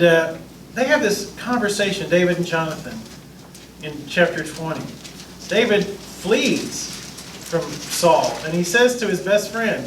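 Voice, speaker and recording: A man's voice: high voice, a little hiss or hum. A man, a pastor, teaching a Bible class in a casual, joking way, acting out what the people in the stories say. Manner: joking, lively, acts out the lines of biblical people. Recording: echoey room, mic far off.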